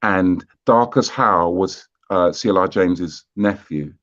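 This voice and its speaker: Male guest, British accent, laid-back storyteller, muffled lo-fi sound. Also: low-pitched. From Britain. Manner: relaxed and unhurried, with frequent fillers and asides. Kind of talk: casual conversational storytelling.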